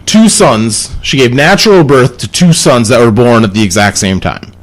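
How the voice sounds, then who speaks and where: A man's voice: medium pitch, lively intonation, moderate pace. A man co-hosting a podcast in casual chat, joking around with lots of laughter and reading puzzles aloud. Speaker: podcast co-host.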